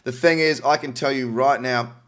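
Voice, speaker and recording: A man's voice: medium pitch, steady tone, normal speed, fairly bright tone. A middle-aged Australian man casually reading out news articles and adding cynical, wry asides. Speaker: crypto news commentator.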